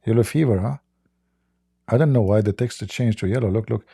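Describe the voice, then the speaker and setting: A man's voice: fairly low pitch, fairly quick, vocal fry, mellow, breathy edge, no room sound, studio quality. A man hosting a livestream, giving sarcastic, joking commentary on a video clip and laughing often. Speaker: livestream host.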